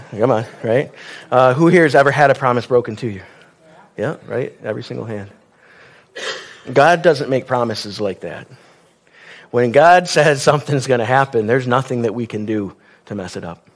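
A man preaching a sermon in a conversational style, with wry asides and questions to the congregation. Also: medium pitch.

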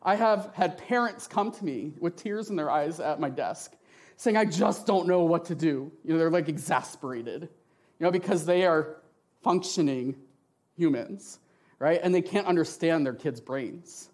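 Middle-aged man, church testimony speaker, passionate, expressive, emotional. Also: a little high, measured pace. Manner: passionate and expressive, often asks "right?". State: tearful at times. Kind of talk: emotional testimony talk with slides.

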